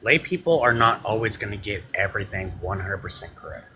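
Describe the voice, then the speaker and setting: A man with a low but bright, forward voice, rambling through an argument on a live stream. His talk is loose and filler-heavy, and there is a faint hiss of background noise behind him. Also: expressive, fairly quick, low-quality recording. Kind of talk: casual live stream debate.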